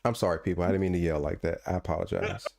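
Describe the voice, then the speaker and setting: Low-pitched and creaky, this man's voice comes out rapid-fire as he co-hosts a podcast. He tells animated stories in casual chat, rants playfully, and keeps repeating and restarting himself.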